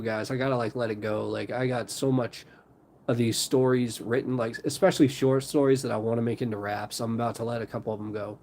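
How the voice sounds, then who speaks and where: A man chatting casually as host of a live stream, rambling and stacking fillers. His voice sits at an ordinary middle pitch. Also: darkish tone.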